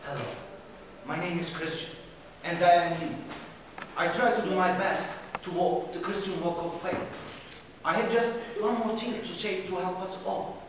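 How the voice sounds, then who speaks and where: A woman's voice: fairly low pitch, moderate pace, lightly acted. An actress playing a prim young performer who soothes her partner in a patronizing way and then preaches earnestly. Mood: preachy. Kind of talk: amateur stage play. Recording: echoey hall from far off, noisy.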